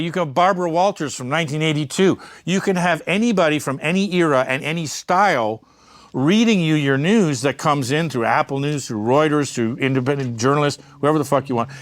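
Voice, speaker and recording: A man's voice: on the high side, brisk, no room sound, clean studio sound. A man giving a candid interview, talking bluntly and emphatically, swearing freely and wandering into asides. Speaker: media entrepreneur and interview guest.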